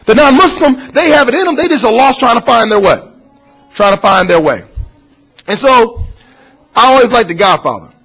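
A man's voice: very high-pitched, animated, normal speed, long pauses, a bit bright, slightly rough, poor audio. A man giving an informal religious lecture to a class, asking questions and answering them himself in a conversational way. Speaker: Muslim teacher.

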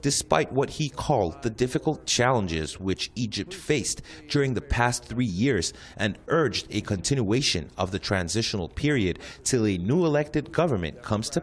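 Low-voiced male news correspondent. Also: animated. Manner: measured, formal reporting. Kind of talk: news report narration.

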